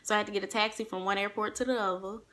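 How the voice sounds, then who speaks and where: A young woman telling a personal story to her listeners in a casual, animated way, swearing freely and acting out what others said. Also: medium pitch, racing. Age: young adult. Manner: animated, profane, acts out quoted voices.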